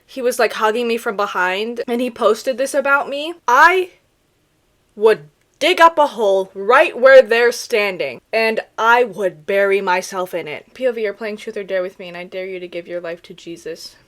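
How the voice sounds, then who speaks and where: A young woman giving sarcastic, animated comedic commentary on videos, with laughing asides. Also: mid-range voice, normal speed. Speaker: reaction video creator.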